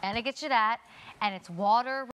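A woman's voice: a little high, moderate pace, fairly bright tone, clear, resonant tone. A woman with a Baltimore accent, hosting a live shopping show in a chatty, enthusiastic, joking way. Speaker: shopping channel host. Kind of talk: live home shopping presentation.

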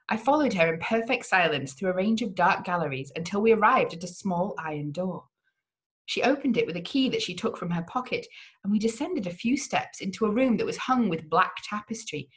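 A woman hosting a read-along, reading a gothic novel aloud with drama and the odd slip. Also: medium pitch. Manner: dramatic reading with occasional slips.

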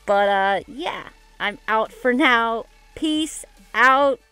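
A woman vlogging her gameplay casually, excitable and dramatic, rambling with lots of "like". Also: on the high side, extremely slow, clear, resonant tone, dry recording, faint music behind. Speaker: gaming YouTuber. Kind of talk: casual game commentary vlog.

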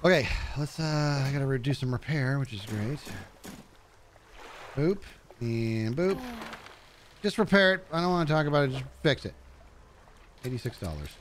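A man's voice: normal speed, long pauses, a little hiss or hum. A man giving chatty live commentary while playing a fishing game, reading chat and yelping when things go wrong. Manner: animated, chatty, jumps to high panicky yelps.

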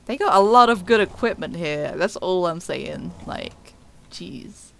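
A woman's voice: fairly low pitch, expressive, a little slow, gravelly, a bit bright. A woman streamer chatting casually over gameplay, giggling often and talking to her chat.

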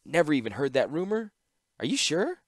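A man voicing Ashnod, a sly, sardonic woman apprentice, in a mocking, sharp-tongued manner for an audiobook-style fan reading. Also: medium pitch, big pitch swings, fairly quick, no echo, studio quality.

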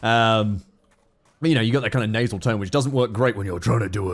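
A young Australian man with a practiced deep voice, commentating his gameplay casually, rambling, self-mocking and swearing freely. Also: a little fast. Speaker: gaming YouTuber.

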